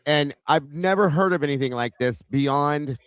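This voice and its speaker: A man hosting a casual podcast, retelling a story in a relaxed, slangy way. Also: on the high side, normal speed, slight background noise. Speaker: host.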